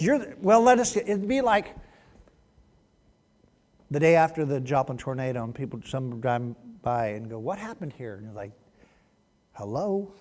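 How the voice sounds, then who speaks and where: Animated man preaching in an echoey hall. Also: fairly high pitch. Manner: animated, reads scripture and acts out the people in it. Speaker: pastor. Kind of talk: sermon.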